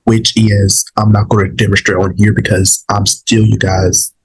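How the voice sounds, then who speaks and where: A man's voice: fairly low pitch, level tone, moderate pace, slightly rough, low-quality recording. A man, a little sick and saving his voice, talking casually to his viewers in a rambling way, with many fillers and restarts. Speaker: vlog host. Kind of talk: casual opinion talk to viewers.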